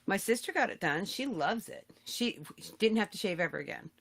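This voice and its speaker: A woman in her fifties co-hosting a podcast, telling a story in casual chat with high, loud bursts and laughter. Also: expressive, fairly quick. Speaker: podcast co-host.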